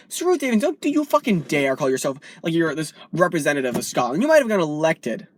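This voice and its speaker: A woman's voice: sits low, big pitch swings, quick pace, hardly any pauses. A woman vlogger delivering a heated, profane political rant, from the United States.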